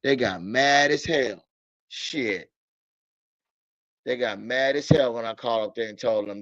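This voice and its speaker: A man's voice: mid-range voice, moderate pace, a bit bright, no room sound. A man ranting about football in a casual stream, blunt and profane, repeating himself in exasperation. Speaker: sports talk streamer. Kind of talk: casual sports rant. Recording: dull lo-fi audio.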